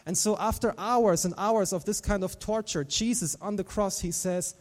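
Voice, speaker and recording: A man preaching a sermon as a pastor, animated, dropping to a hush and then rising to loud, emphatic lines. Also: sits high, normal speed, few pauses, in a large hall. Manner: animated, swings from hushed to loud.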